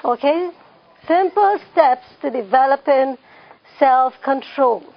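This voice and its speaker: In a classroom-style parenting session, she poses questions to the audience and restates the important phrases for emphasis. She sits high and expressive, speaking slowly with a gravelly texture, and the recording has its highs cut off.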